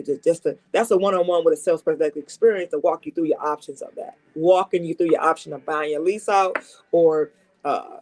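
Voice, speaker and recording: A woman's voice: on the low side, darkish tone. A saleswoman talks from her desk in a dealership office, coming down with a cold and a little sniffly. She is chatty and emphatic, hammering each point home by saying it twice. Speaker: car salesperson. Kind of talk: casual advice talk to camera.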